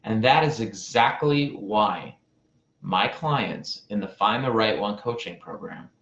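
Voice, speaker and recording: Slow, deliberate male relationship coach. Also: on the low side, expressive, creaky, fairly bright tone. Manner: deliberate, with pauses and repeated phrases. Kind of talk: storytelling advice talk. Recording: roomy, slightly dull sound.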